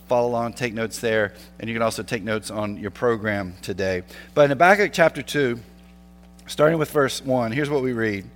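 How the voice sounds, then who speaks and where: A male pastor delivers a sermon in an earnest, conversational way, often turning to his listeners with rhetorical questions. His voice sits at an ordinary pitch for a man. A long reverb trails after his words, as in a large church sanctuary. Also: fairly bright tone.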